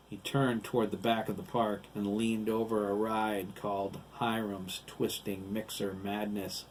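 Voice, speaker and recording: A man narrating his own novel as an audiobook, in steady, deliberate storytelling. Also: lowish voice, a little hiss or hum.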